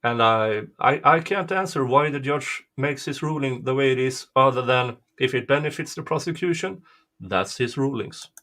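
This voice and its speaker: A man's voice: medium pitch, lively intonation, moderate pace, a bit bright. A man hosting a channel, answering viewer questions in casual commentary, hesitant and thinking aloud. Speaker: channel host.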